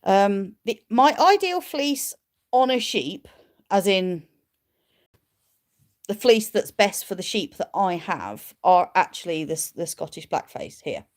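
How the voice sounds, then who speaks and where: On a casual livestream, a sheep keeper answers viewer questions and coos at her flock. Her mid-range voice rises and falls dramatically, and she takes her time.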